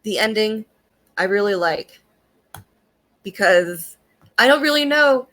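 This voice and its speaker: A young woman casually reviews an anime in a mid-range, fairly bright voice with lively intonation and a slow pace. She's chatty and profane, filling her sentences with "like" and "um" and laughing often.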